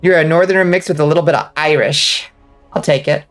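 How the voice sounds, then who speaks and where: A woman with a faint Southern accent and a slight lisp, giving casual gaming commentary while enunciating clearly. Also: sits low, fairly quick, faint music behind. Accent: subtle Southern US. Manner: clear enunciation, swears and laughs often. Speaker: vtuber streamer.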